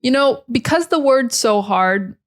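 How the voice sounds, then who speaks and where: A young American woman teaching English pronunciation to learners, modeling words slowly and repeating them clearly for imitation. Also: on the high side, lively intonation. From United States.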